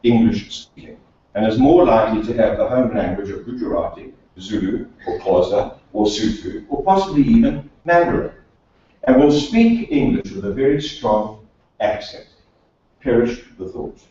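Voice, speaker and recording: A man's voice: lowish voice, animated, normal speed, mellow. A man from South Africa, a speech coach, delivers a prepared talk to a professional meeting, leaning on dry humour and rhetorical questions. His voice reaches a distant microphone in a very echoey hall. The sound is dull and muffled. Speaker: speaker, speech and accent coach. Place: meeting room of a professional association.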